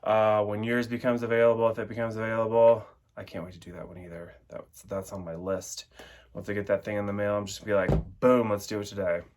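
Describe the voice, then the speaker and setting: Young man, low voice, casual rambling chat, tarot deck review. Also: flat delivery, fast talker, a little mellow. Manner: chatty and rambling, with frequent fillers.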